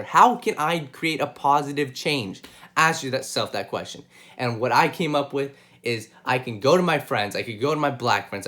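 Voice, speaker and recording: Sharp-toned and medium-pitched, a young man talks directly to his viewers on his own sports show, offering solo commentary and opinion. He's impassioned and keeps repeating points to drive them home.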